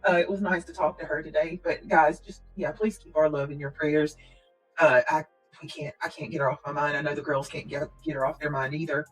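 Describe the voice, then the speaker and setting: A livestream host talks straight to her audience in a low-pitched, steady voice, moving briskly. Her manner is earnest and prayerful, though she repeatedly clears her throat and coughs. The low-quality recording carries soft background music.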